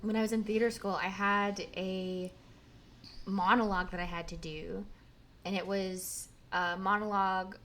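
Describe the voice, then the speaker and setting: Animated storytelling woman, neutral American. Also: medium pitch. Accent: mostly neutral American, trained out of Southern. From American South. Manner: animated storyteller, tangents, acts out quotes. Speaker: podcast co-host. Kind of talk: casual chat.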